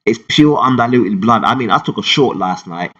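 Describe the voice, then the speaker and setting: Animated London man talking crypto. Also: moderate pace, dull audio. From England. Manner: animated, slangy, rambling, swings from loud to low. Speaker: crypto vlogger. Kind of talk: casual talk to camera.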